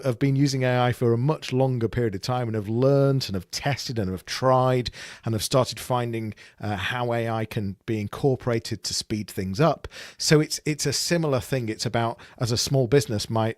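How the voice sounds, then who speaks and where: A man's voice: mid-range voice, no room sound. Man, podcast co-host, casual chat, stumbling restarts, dry close sound. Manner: talks in restarts and repeated words, reflective.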